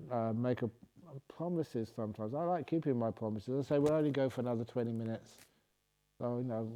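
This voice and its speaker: A man's voice: mid-range voice, warm tone. A man, a Buddhist monk and meditation teacher, reading out questions at a retreat and answering them with humor. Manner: humorous, playful, reads questions aloud then answers.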